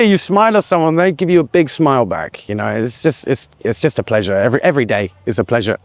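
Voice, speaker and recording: Laid-back guy, higher voice. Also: no room sound. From United Kingdom. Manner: easygoing, chatty, quick to laugh. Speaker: guest, expat business owner. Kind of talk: casual interview chat.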